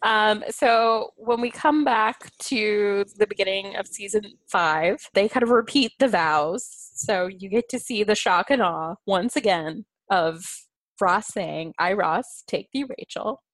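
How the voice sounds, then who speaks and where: A woman's voice: medium pitch, takes it slowly, dry recording, low-quality recording. A woman hosting a podcast, retelling a sitcom episode in a casual chat and acting out the characters' lines. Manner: animated retelling, quotes characters with shifting voices. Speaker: podcast host.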